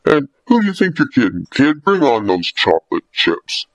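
A man's voice: medium pitch, big pitch swings, moderate pace, dry recording, highs cut off. A man voicing a brash, greedy talking sweet tooth in a storybook, wisecracking and making impatient demands. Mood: pushy, greedy. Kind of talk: storybook character voice.

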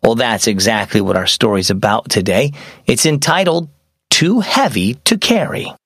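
A young adult man hosting a children's devotional show, reading a scripted story with animated storytelling. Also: mid-range voice, moderate pace, vocal fry, no echo, clean studio sound.

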